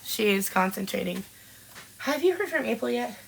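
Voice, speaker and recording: This is a fortysomething woman from Washington State, USA, who banters casually on her live-streamed podcast, calling out viewers by name, reading their comments and laughing frequently. Her fairly high voice is expressive, with vocal fry and a moderate pace. Sound quality is poor, with a little background noise.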